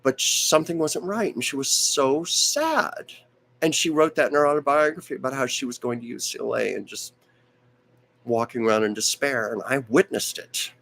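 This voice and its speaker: Hosting a live stream, a man with a mid-range, creaky, fairly bright voice talks at normal speed. He rambles through an anecdote full of side remarks and restarts while his strained voice drifts in and out.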